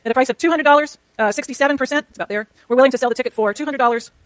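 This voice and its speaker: Rapid high-voiced woman lecturer. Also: no room sound. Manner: rapid, chatty, self-talk while working slides. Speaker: economics lecturer. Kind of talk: university lecture with clicker questions. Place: lecture hall.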